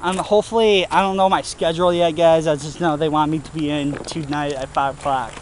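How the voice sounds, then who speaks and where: A man's voice: a little high, steady tone, fairly quick, slight background noise, rough recording. A young man from Wisconsin, rambling casually and profanely in a self-mocking vlog. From Wisconsin, United States. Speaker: vlogger.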